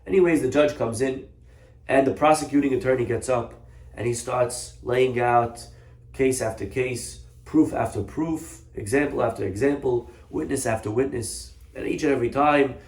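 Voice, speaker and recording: A man giving a sermon, telling a parable and acting out the characters' voices in an animated way. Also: medium pitch, normal speed, echoey room. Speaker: rabbi giving a Torah talk.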